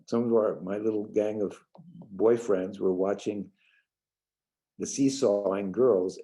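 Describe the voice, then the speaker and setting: Older male workshop trainer from the New York suburbs, gravelly and very dark, casual lecture with halting restarts. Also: on the low side, poor audio. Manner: rambling, repeats words and restarts, gentle. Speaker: trainer leading a parenting workshop.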